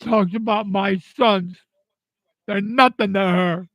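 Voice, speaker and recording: An older man talking through tears in a halting, repetitive way, angry and grieving. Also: high-pitched, fairly even intonation, fairly bright tone, no room sound. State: tearful. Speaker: vlogger. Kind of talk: emotional personal monologue.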